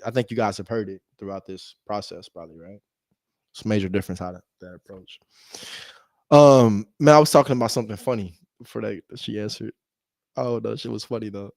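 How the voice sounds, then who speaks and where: A man's voice: lowish voice, brisk, creaky, a little mellow, no echo, clean studio sound. A young American man who wholesales real estate, chatting casually between cold calls, laid-back and slangy, laughing often and calling viewers "bro". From United States. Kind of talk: casual vlog talk between phone calls.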